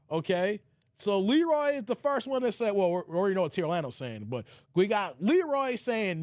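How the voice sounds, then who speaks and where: Hyped-up dude on a livestream reading chat, high voice swinging all over, stutters a lot. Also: male voice, normal speed, dry recording, studio quality. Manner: animated, stuttering repeats, laughs often. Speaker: livestream host. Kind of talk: casual live chat reading comments.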